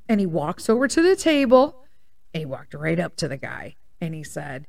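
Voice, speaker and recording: A woman's voice: medium pitch, very animated, moderate pace, gravelly. A woman in her thirties or forties hosting a casual chat podcast, rambling through personal stories with tangents and blunt, profane asides. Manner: blunt and profane when worked up. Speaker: podcast host.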